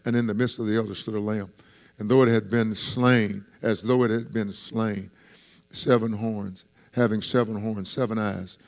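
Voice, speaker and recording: Man preaching with rising fervor. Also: lowish voice. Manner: lively preaching with swells in volume and laughter; conversational asides to the congregation. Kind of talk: sermon.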